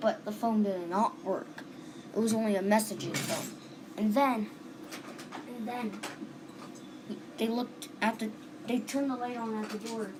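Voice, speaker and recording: A woman's voice: fairly high pitch, fairly even intonation, measured pace, long pauses, background noise. A woman casually retelling a dream, rambling and restarting with lots of "and then", on a home recording. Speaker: storyteller.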